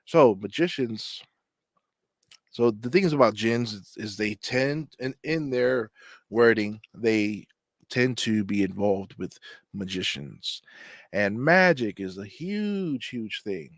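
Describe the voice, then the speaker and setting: A man hosts a casual livestream chat, rambling loosely from one point to the next. His voice sits on the low side, and the sound is dry and close, with little room around it. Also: lively intonation, takes it slowly, no echo. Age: adult. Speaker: channel host.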